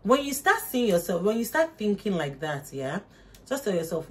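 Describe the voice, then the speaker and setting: A woman's voice: very animated, normal speed, a little hiss or hum. Young woman talking to camera, casual motivational chat, keeps repeating herself for emphasis. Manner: emphatic, preachy, repeats points, rises in pitch for emphasis. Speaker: motivational vlogger.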